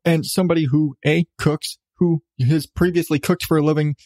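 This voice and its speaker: This man's voice runs on the high side with fairly even intonation, a normal speed and a slightly mellow quality, recorded dry. He hosts his own podcast and rants casually in a solo episode, swearing plenty, tossing in sarcastic asides and laughing at himself.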